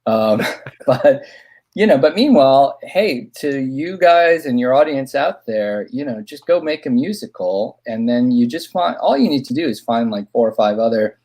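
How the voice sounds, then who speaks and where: Husky man telling a lively anecdote. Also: mid-range voice, moderate pace. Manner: animated anecdote teller, acts out quoted voices. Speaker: guest film director. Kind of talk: casual podcast storytelling.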